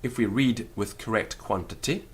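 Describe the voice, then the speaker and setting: A man teaching Latin in a lecture, deliberate and careful, sounding out syllables one by one. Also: on the low side. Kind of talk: spoken lecture.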